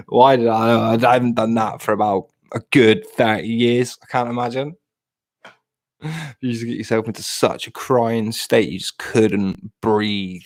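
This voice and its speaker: A man's voice: mid-range voice, normal speed, creaky. A British man in his late thirties to forties, chatting casually and ramblingly to his live stream viewers, self-deprecating. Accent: British English.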